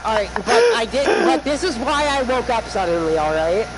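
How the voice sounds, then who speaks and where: A man's voice: extremely high pitch, big pitch swings, moderate pace, loud music behind the voice. Swearing young man telling a rambling story. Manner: rambling, swears constantly, acts out quotes. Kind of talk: casual chat. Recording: noisy home recording.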